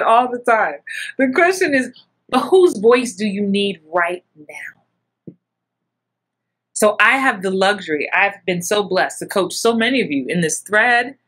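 A middle-aged woman giving casual advice as an acting coach, animated and full of acted-out asides. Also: slow, long pauses. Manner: animated, acts out little scenes with big jumps in pitch.

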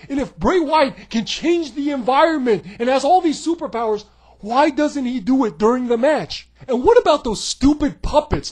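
A man ranting sarcastically as a wrestling reviewer, tossing in rhetorical questions. His voice sits high for a man and sounds husky. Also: darkish tone. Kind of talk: opinionated commentary.

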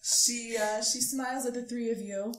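A woman acting as game master, narrating a tabletop game in a soft-spoken, descriptive way. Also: a little high, fairly even intonation, normal speed, echoey room.

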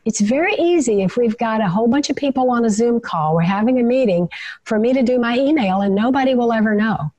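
A woman guest in an interview, explaining calmly and warmly agreeing with her host. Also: fairly high pitch, a little fast, dry recording. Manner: calm, explanatory, with many affirming interjections. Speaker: guest expert on leadership and the nervous system. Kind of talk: conversational interview over video call.

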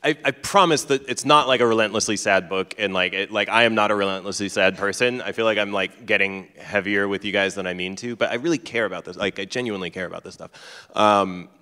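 A man's voice: on the low side, quick pace, sharp tone, smooth. A man speaking as a guest author before a live audience, telling a story casually and often stopping to restart or laugh. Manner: chatty, heavy on fillers and restarts, laughs often. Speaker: teacher. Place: large hall with an audience. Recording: reverberant hall sound.

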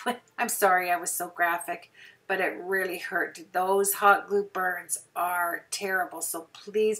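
A woman talks through her craft project at a home table, chatty and rambling, with little apologies as she goes. She speaks at an unhurried, slow pace, and her voice sits a little back from the mic. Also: fairly low pitch, a bit bright, distant mic. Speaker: craft video host. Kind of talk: casual craft tutorial talk.

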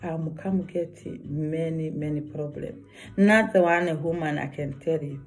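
Slow, earnest woman vlogger. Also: low voice, a little mellow. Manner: earnest, repetitive, broken English. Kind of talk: personal warning vlog.

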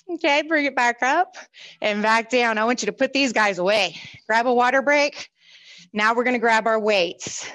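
Cheerful woman fitness instructor with a slightly high voice, counts reps and says y'all, heard over a video call. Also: measured pace, pauses often, fairly bright tone, poor audio. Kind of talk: leading a seniors' exercise class. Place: church exercise class streamed on a video call.

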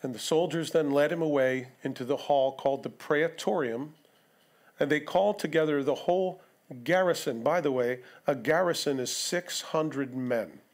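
A male pastor with a somewhat high voice preaches an expository sermon at a moderate pace in a church sanctuary. He keeps it conversational, asking rhetorical questions and making asides to the congregation.

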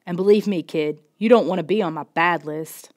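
A woman voicing a scrawny, grumpy old male neighbor with a raspy, threatening delivery, from a storybook audiobook. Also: lowish voice, fairly quick, a little mellow, close to an everyday voice. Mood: menacing. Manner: threatening, through clenched teeth.

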